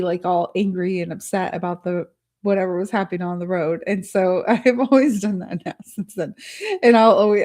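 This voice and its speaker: Working on screen during her live art studio stream, the host talks through her process out loud, laughs frequently, and chats easily with viewers. She has a mid-range voice with a somewhat dark tone.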